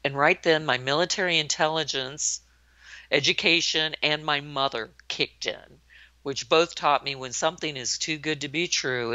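Bright-voiced woman in her sixties telling war stories. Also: low-pitched, no echo. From United States. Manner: lively storyteller who acts out quoted lines. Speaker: interview guest, retired army colonel. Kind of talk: anecdotal storytelling in a podcast interview. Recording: dull lo-fi, dry sound.

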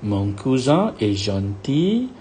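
A male teacher giving a French lesson, repeating each word slowly and checking understanding with a rising "okay?". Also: medium pitch, very animated, warm tone, a little hiss or hum. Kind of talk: recorded language lesson.

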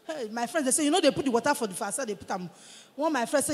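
A woman in her forties with a Nigerian Pidgin English accent gives her testimony in church. She tells her story with lively energy and acts out the voices of the people in it. Her voice carries a long reverb from the church hall. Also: high-pitched, rapid-fire, slight background noise. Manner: animated storytelling, acting out what others said. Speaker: church member giving a testimony.

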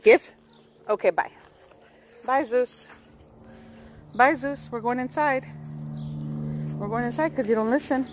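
A woman's voice: a little high, unhurried, pauses often, noisy background. A woman filming her puppy outdoors, coaxing and praising him in a sing-song voice. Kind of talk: casual talk to a dog.

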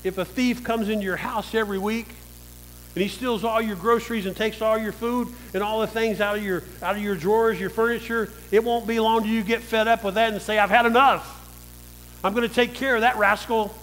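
A man's voice: sits high, steady tone, fairly quick, a little hiss or hum, rough recording. A male pastor preaching a sermon, calling out to the church and asking them for an amen. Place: church sanctuary.

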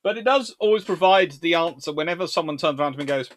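A man hosting a live-stream history talk, reading out chat questions and answering with animated asides. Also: on the high side. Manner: animated, quick asides and laughs. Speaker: naval historian host.

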